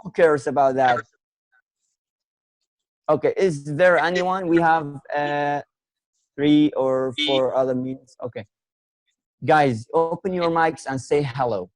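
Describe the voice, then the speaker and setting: Encouraging guy running an online lesson, dry close sound, fairly high voice. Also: takes it slowly, pauses often, no echo, rough recording. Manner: encouraging, repeats words while searching for them. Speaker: English teacher hosting an online class.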